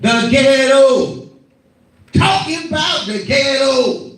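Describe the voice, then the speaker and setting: A middle-aged man preaching a sermon. He speaks fervently, shouts often and repeats his phrases. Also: very high voice, animated, slow, faint music behind. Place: worship hall. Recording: echoey hall from far off.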